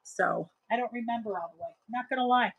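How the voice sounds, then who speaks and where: A woman's voice: fairly high pitch, fairly quick, gravelly, fairly bright tone, poor audio. A woman in her thirties hosting a live selling stream, chatting casually and laughing as she answers viewers' comments.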